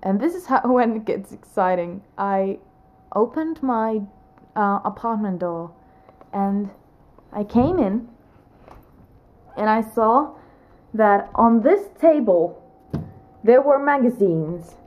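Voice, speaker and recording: A woman's voice: medium pitch, animated, slow pace, long pauses, muffled recording. A young woman vlogger telling a personal story to camera in a chatty, rambling way, full of restarts and "like".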